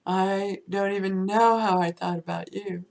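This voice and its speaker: A woman giving an unscripted spiritual teaching, musing and drifting into soft whispers and chuckles. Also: medium pitch, fairly even intonation, unhurried, gravelly.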